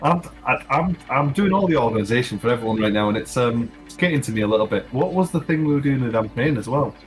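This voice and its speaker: A man's voice: mid-range voice, animated, fast talker, faint music behind. A man, chatting as a player in a tabletop game, rambling and laughing often. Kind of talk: casual chat playing a tabletop game.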